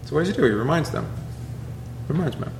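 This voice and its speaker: A man, a pastor, teaching a Bible class in a relaxed conversational way, peppering it with rhetorical questions and asides. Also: a little high, fast talker, vocal fry, roomy sound, slight background noise.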